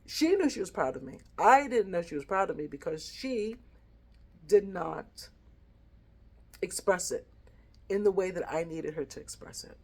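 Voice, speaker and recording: A middle-aged woman talks to her channel in an earnest, reflective way, telling a personal family story. Her voice carries quiet emotion and lingers on the feelings behind her words. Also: fairly low pitch, animated, a little slow, pauses often. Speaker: vlogger. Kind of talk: heartfelt personal vlog.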